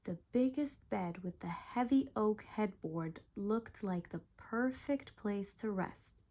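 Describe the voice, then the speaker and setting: A woman narrating a bedtime story in a calm, gentle way. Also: mid-range voice, takes it slowly.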